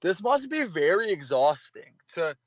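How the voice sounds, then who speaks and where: A man debating as a caller, speaking hesitantly with halting restarts. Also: high-pitched, sing-song, no room sound. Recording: dry muffled lo-fi call audio.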